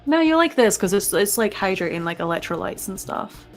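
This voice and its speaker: A woman's voice: mid-range voice, very animated, brisk. A young woman co-hosting a paranormal live stream, chatting in a laid-back, teasing way full of "like". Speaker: paranormal podcast co-host. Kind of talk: casual live-stream chat. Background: faint rock music.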